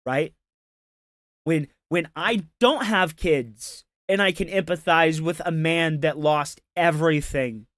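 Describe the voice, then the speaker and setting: A man's voice: a little high, takes it slowly, fairly bright tone, dry recording, studio quality. A man doing casual reaction commentary on a stream, ranting in an exasperated, profane and mocking way.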